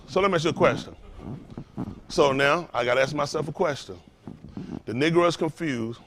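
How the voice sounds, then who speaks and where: A male pastor preaching to his congregation with call-and-response, firing rhetorical questions and swinging between loud emphasis and hushed lines. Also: a little high, a little hiss or hum.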